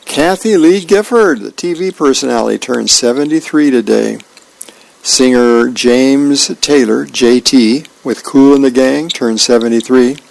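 A man reading a newspaper aloud as a volunteer reader, friendly and unhurried, with small slips he corrects. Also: mid-range voice, creaky, a little mellow, poor audio.

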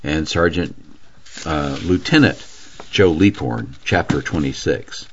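A man's voice: very deep voice, slow pace, muffled recording, a little hiss or hum. A man volunteer reader introducing and narrating a novel for a radio reading service in a friendly, announcer-like way.

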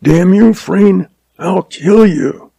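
A man's voice: lowish voice, animated, slow, creaky, warm tone, no room sound, exaggerated voice. A man voicing a tense Old West outlaw who snarls and strains his voice as if about to crack. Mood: snarling. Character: tense, snarling male outlaw at breaking point.

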